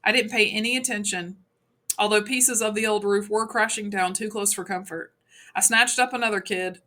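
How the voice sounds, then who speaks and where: A woman's voice: medium pitch, pushed and bright. A woman reading a novel aloud in the first person as an audiobook narrator. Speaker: audiobook reader.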